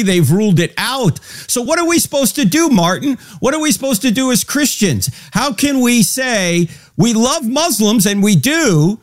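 High, lively male host, dry sound. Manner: rhetorical, leading questions. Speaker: talk show host. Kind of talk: interview.

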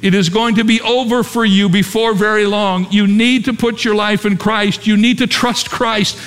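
A preacher voicing an earnest pleading vicar. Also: male voice, high-pitched, steady tone, moderate pace, a bit bright, voice pushed up. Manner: pleading, insistent.

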